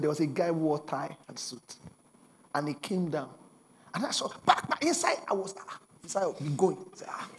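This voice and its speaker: A young adult Nigerian man preaching a sermon as pastor, telling stories with bursts of shouting and laughter. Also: on the high side, expressive, brisk.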